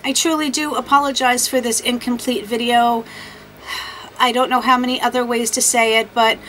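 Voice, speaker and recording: A woman's voice: fairly high pitch, level tone, normal speed, fairly bright tone, slight background noise, rough recording. Chatty self-deprecating woman, beauty vlogger. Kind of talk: casual makeup vlog to camera.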